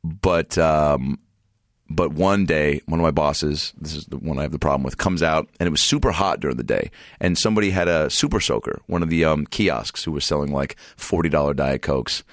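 A man from Seattle with a very deep voice, chatting as a podcast guest. He tells animated stories, swears freely and jumps into high put-on voices. The sound is dry and close, with no room around it. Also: a little fast, dry recording. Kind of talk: casual podcast chat.

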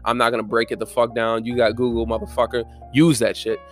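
A man's voice: medium pitch, level tone, quick pace, soft background music. A young man giving a casual, blunt, profane motivational monologue with fervent conviction.

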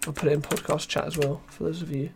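Hosting a casual live podcast, a young British man speaks quickly in British English, rambling, self-deprecating, and reading out the chat. His fairly high, gravelly voice has little pitch movement and sounds tired and worn thin. Background noise is present.

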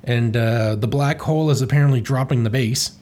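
A man's voice: medium pitch, fairly quick, a little mellow. A man hosting a podcast, giving a rambling, irreverent comedic recap of a comic and swearing often. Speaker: podcast host.

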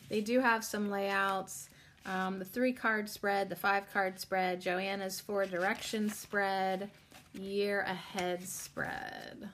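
A woman's voice: medium pitch, little pitch movement, takes it slowly, fairly bright tone, a little hiss or hum. A woman hosting her own podcast, talking in a chatty, rambling way with many ums and the odd curse word. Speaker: podcast host. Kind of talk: casual solo podcast chat.

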